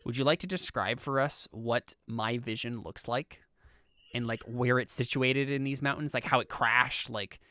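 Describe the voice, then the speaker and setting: A man's voice: medium pitch, fairly even intonation, sharp tone, dry recording. A man running a tabletop game as game master, talking casually with many restarts. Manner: casual, halting with restarts and fillers.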